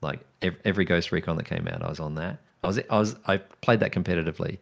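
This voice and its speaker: A very deep, gravelly male voice belonging to a man in his fifties who streams games. He talks in a relaxed, rambling way, laughing easily between his thoughts. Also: quick pace. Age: 50s. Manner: easygoing, laughs often, rambling asides. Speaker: game streamer. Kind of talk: casual gaming chat.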